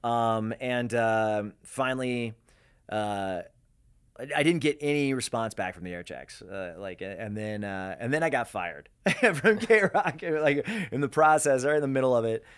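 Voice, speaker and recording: A man's voice: medium pitch, animated, measured pace, a bit bright, clean tone. A man from Denver, a radio host and program director, telling his career story in a rambling, casual way full of fillers. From Denver, USA. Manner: rambling, lots of fillers and laughs.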